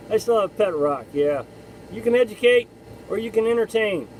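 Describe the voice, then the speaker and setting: A man's voice: high voice, expressive, moderate pace, darkish tone, a little hiss or hum, low-quality recording. A man hosting a casual live stream, chatting in a rambling way and often restarting his sentences. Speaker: live stream host reading chat.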